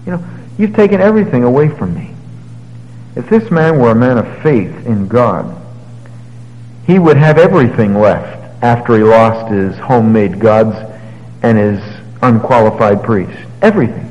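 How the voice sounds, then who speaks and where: A man preaching a sermon, telling the story with lively paraphrases and moving between loud, emphatic passages and quiet, low ones. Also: moderate pace, muffled recording. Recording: long hall reverb.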